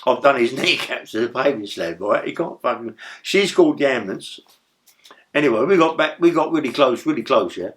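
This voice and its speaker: A man's voice: medium pitch, expressive, brisk, a bit bright. Man in his middle years, profane rambling interview guest, keeps restarting. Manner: swearing, rambling, stammering restarts. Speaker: interview guest, former prisoner. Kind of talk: casual storytelling.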